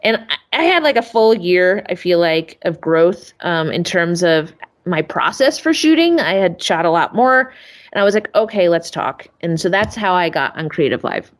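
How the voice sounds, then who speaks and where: A woman guest on a podcast telling a casual story about her career, self-mocking and acting out what others said with sudden high-pitched quotes. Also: big pitch swings, moderate pace. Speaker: podcast guest, family photographer.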